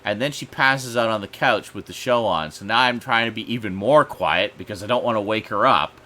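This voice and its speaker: A man hosting a casual group chat stream, animated and joking. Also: on the low side, brisk. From Canada. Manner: animated, joking, lots of laughter. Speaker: stream host.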